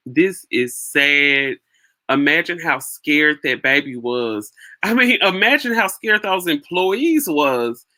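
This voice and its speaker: A woman's voice: low-pitched, animated, takes it slowly, pushed and bright. A woman hosting her own channel, giving casual spoken commentary on a video clip and often repeating words as she thinks aloud.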